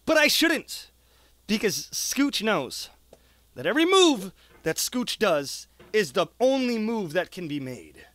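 A young man gives gameplay commentary in a high, bouncing voice that leaps up and down. He is excitable, swearing and chatting to his character, and swings from muttering to yelling. The sound is dry and close, with no room around it. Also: unhurried, no room sound. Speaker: gaming YouTuber.

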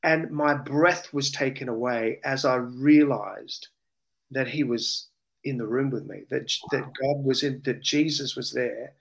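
A man's voice: medium pitch, unhurried, creaky. An Australian man, an interview guest, earnestly and emotionally recounting a personal testimony. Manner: earnest, emotional, animated retelling.

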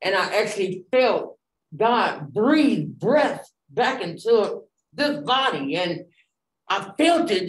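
A woman giving an animated personal testimony in a group, acting out the dialogue with many fillers. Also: medium pitch. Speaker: Bible study participant. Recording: echoey room.

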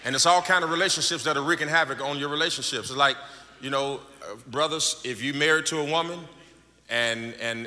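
A pastor preaching a sermon, swinging from shouts and half-sung lines to quiet, low stretches. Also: male voice. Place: church sanctuary. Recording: large echoing church hall with crowd noise.

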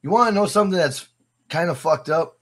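A man's voice: fairly high pitch, lively intonation, fairly quick, slight background noise. A man guest on a podcast, chatting casually and swearing often, laughing through his stories. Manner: profane, laughing storyteller. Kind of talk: casual chat.

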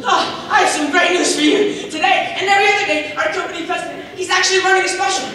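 A man's voice: very high-pitched, fairly even intonation, quick pace. A teenage boy playing an eager, upbeat store clerk giving sales patter in a comic stage skit. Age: teens. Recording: echoey hall from far off, crowd.

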